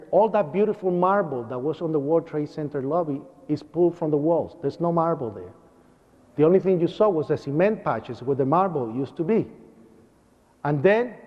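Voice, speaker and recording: A man recounting a traumatic eyewitness story to a lecture audience, vividly acting out sounds and cries. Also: fairly high pitch. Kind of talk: dramatic first-person storytelling to an audience. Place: lecture hall. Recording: dull lo-fi recording with long hall reverb.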